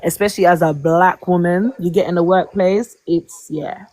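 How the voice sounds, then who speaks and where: A woman's voice: fairly low pitch, steady tone, moderate pace, mellow. A woman speaking as a guest in a live online debate, casual and emphatic, often saying "honestly".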